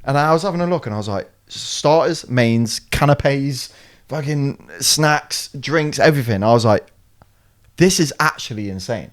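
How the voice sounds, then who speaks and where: Lively young man telling a story. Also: mid-range voice, moderate pace. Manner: animated storytelling with lots of swearing and laughter. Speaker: podcast co-host. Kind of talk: casual chat.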